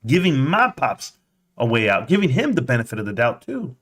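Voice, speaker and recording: A man hosting a livestream, telling a personal story in a casual, animated way, jumping into a higher voice to act out quotes. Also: a little fast. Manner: animated, acts out quotes in a high voice; conversational, with fillers and restarts. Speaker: livestream host.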